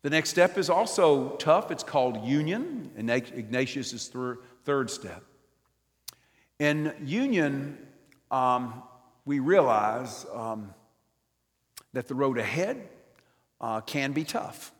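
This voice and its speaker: An older man delivers a sermon in a church nave, his voice trailing off in a long hall reverb. He swings between loud, emphatic lines and hushed, almost whispered ones, with a mid-pitched voice. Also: animated, slow pace, pauses often. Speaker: preacher.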